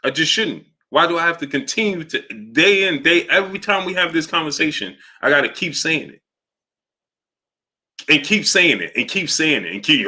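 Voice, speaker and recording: A man with a slightly high, animated voice, bright and forceful, speaks at a normal speed while hosting a boxing live stream. In his casual commentary he argues with chat, repeats himself and singles out viewers by name.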